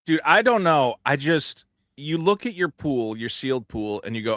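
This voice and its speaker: Animated male podcast host, high and swooping, cursing freely, dry sound. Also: normal speed, dry recording. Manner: animated, profane ranting with acted quotes. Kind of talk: casual podcast chat.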